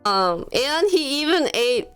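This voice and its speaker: A woman's voice: high-pitched, very animated, slow, soft background music. A woman livestreaming from home, telling stories in a casual, chatty way and laughing often. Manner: chatty storytelling, frequent laughter.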